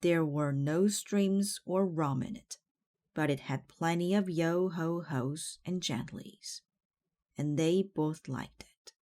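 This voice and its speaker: A woman reading a children's picture book aloud in a slow, clear way. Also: low voice, warm tone. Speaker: storybook reader.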